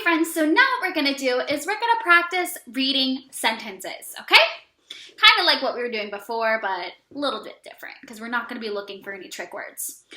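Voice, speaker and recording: A woman teaching an early reading lesson to young children, speaking slowly and encouragingly with plenty of praise. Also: high voice, pushed and bright, echoey room. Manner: slow, exaggerated, encouraging teacher talk with praise.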